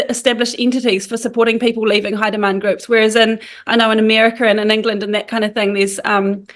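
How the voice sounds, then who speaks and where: A woman talks casually as a guest on a podcast. Her voice is high and she talks in a chatty, animated way. She fills her sentences with ums and restarts. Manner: chatty, animated, many fillers. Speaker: guest, founder of a support group.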